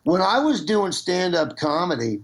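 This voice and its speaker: Middle-aged Nebraska-raised man, phone-in guest, rambling chat, slightly high pitch. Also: very animated, moderate pace. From Nebraska, USA. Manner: rambling, with restarts. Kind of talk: casual phone conversation.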